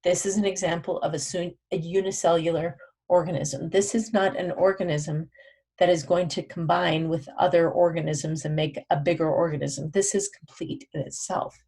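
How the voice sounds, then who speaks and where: A woman's voice: fairly low pitch, steady tone, normal speed, warm tone, slightly rough. A woman teaching a recorded biology lesson, explaining step by step, correcting herself as she goes and quizzing with questions she answers herself.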